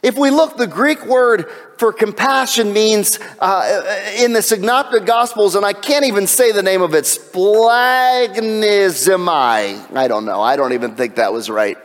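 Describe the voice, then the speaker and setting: High-voiced preaching man in a reverberant hall. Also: moderate pace, hardly any pauses. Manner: animated preaching with jokes and asides. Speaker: pastor. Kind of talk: sermon.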